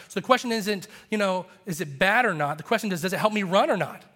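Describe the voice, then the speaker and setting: High-voiced man preaching in a reverberant hall. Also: quick pace, hardly any pauses. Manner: passionate, animated preaching with rising emphasis. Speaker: pastor. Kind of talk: sermon. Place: church sanctuary.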